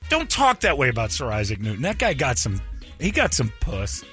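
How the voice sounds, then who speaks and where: A man hosting a radio call-in show, joking loudly and laughing in mock outrage at callers' jokes. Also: mid-range voice, wildly swooping pitch, a little fast, music in the background. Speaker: radio host. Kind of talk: morning radio call-in banter.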